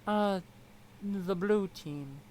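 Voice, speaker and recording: A woman voicing a curt, deadpan troll boy. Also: medium pitch, extremely slow, low-quality recording.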